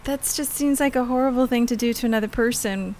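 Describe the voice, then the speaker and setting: A woman's voice: fairly high pitch, fast talker, darkish tone, low-quality recording. A woman from Boston chatting casually on a podcast, speaking hesitantly and thoughtfully. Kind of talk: casual chat.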